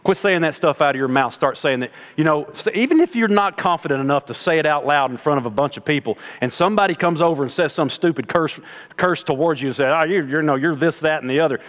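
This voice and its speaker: Fired-up preacher, high voice. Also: male voice, quick pace, lo-fi sound. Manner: animated, swings from loud exhortation to low mocking asides; plainspoken, folksy preaching. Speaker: preacher and middle school coach. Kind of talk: sermon.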